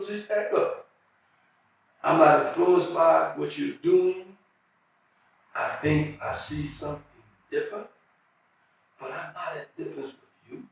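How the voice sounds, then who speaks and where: A man's voice: a little high, gravelly, distant mic. An older man being interviewed, telling stories earnestly and restarting his phrases as he goes. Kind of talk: reflective storytelling. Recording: very echoey room, off-mic.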